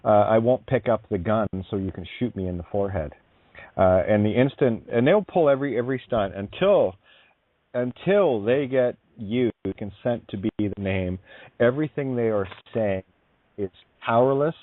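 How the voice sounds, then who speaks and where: A man's voice: fairly low pitch, lively intonation, moderate pace, no echo, phone-quality sound. A man hosting a talk radio show, stressing his points emphatically.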